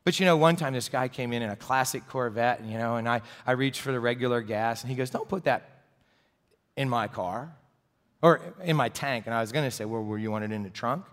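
A man's voice: medium pitch, fast, few pauses, clean tone. A middle-aged man preaching a sermon as pastor, telling stories in a chatty, joking way. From New Jersey, US. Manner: conversational storytelling with humor. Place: church sanctuary. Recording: long hall reverb.

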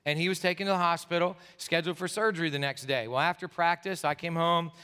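A man's voice: on the high side, fast talker, clean tone. A middle-aged male pastor from Pennsylvania, tired after a sleepless night, telling a story in a sermon and acting out the people in it. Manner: animated, acts out the people in his story. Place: church sanctuary. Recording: echoey church hall.

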